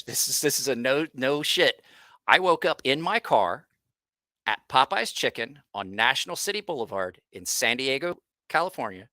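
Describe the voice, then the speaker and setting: A man with a bright, forceful voice tells a loose, cursing story to his viewers. He restarts his sentences often and lets the tale wander. The sound is close and dry, with no room around it. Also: medium pitch, no room sound. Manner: rambling, profane, frequent restarts. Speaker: host. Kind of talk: casual livestream storytelling.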